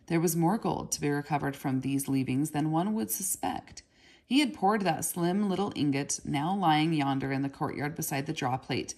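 A woman reads a novel aloud in a calm, steady narration. Her voice sits low, with a gravelly creak at the ends of phrases. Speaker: reader.

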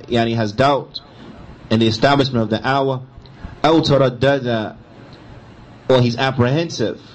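A man's voice: medium pitch, rough recording. A man giving a religious lesson, switching between recited Arabic and emphatic, repetitive explanation. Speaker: Islamic teacher. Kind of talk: lecture explaining a hadith.

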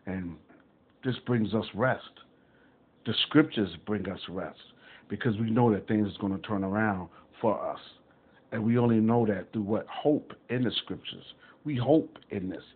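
A man's voice: fairly low pitch, slightly rough. An American man giving an earnest, informal scripture teaching as a preacher, talking in loose, repeating phrases. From United States. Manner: earnest, loose and repetitive, with restarts. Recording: tinny phone-like audio.

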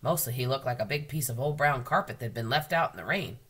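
An American woman, a school librarian, reading a children's book aloud to students in an expressive storytelling manner. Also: extremely low pitch, fast talker, breathy edge.

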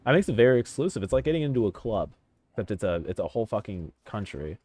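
A man with a low voice gives casual let's-play commentary. His pitch swings widely as he reacts with excitable chatter. He talks in a loose, profane, friendly way. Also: quick pace, breathy edge, no room sound. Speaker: gaming channel host.

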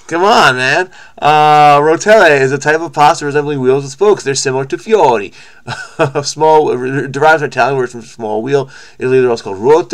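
Thinking out loud over a crossword in his own video, a man with a mid-range, somewhat bright voice talks casually. He rambles frantically, often stumbling and starting sentences over.

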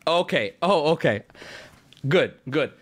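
A man's voice: a little high, animated, slow. A man in his late twenties, a streamer, ranting heatedly and swearing in casual talk on his own stream, recorded on a studio mic with a noise gate. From United States. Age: late 20s. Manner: heated, swearing, shouting at times.

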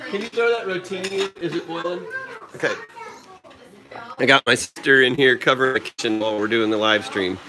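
A man in his thirties hosting a family livestream from home, talking to his young daughter and viewers in an exclamatory, sing-song way with frequent high leaps. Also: fairly quick, bright, forceful tone, a faint crowd. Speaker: vlogger dad hosting a livestream. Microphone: phone camera.

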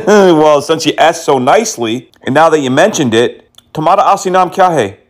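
A man's voice: on the high side, animated, normal speed. A man prank-calling phone scammers, teasing and mocking them and dropping in Hindi words and insults. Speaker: scam-baiting prank caller.

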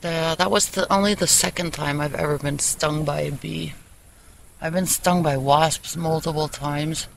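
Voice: medium pitch, steady tone, unhurried, creaky, slight background noise, low-quality recording. A vlogger in a casual, rambling personal chat who talks candidly, swears freely and laughs often, recorded outdoors on a handheld phone. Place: outdoors in a meadow, sitting on a wooden bench.

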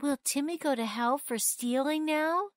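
A woman's voice: high-pitched, a little slow, no echo, studio quality, voice pushed up. A woman voicing a fretful young girl near tears in a storybook reading. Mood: anxious.

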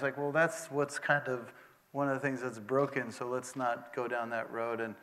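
A man in his forties as guest on stage, talking casually and laughing with quick interjections. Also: mid-range voice, flat delivery, a bit bright. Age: 40s. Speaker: guest speaker. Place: lecture hall. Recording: reverberant hall with faint noise.

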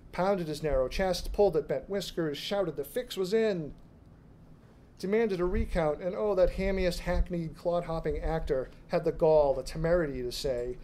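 Man reading dark fiction aloud, dramatic. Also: a little high, slight background noise, low-quality recording. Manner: measured, dramatic storytelling. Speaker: author reading his fiction. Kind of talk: live literary reading. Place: bar reading room.

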